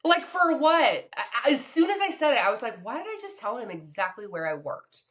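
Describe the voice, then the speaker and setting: A woman's voice: on the high side, very animated, fairly quick, fairly bright tone. A young woman co-hosting a casual podcast chat, telling a story animatedly and acting out the people she quotes. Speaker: podcast co-host.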